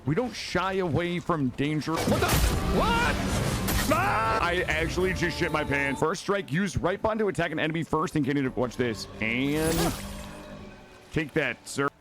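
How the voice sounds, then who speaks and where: A young man streaming a game live, talking to his chat in a loud, excitable way with sudden yelps. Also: a little high, normal speed, over loud music. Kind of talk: live gaming stream commentary.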